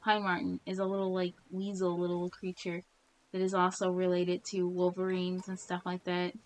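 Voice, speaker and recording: A woman's voice: lowish voice, monotone, normal speed. A woman streamer in casual chat while gaming, rambling with wry jokes.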